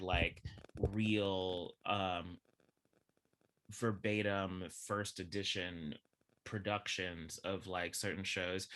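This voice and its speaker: A young man with a low voice that still has a bright, forceful edge. He chats animatedly as a podcast guest and piles filler words into his run-on thoughts. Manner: animated, chatty, heavy use of filler words. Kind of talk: casual chat.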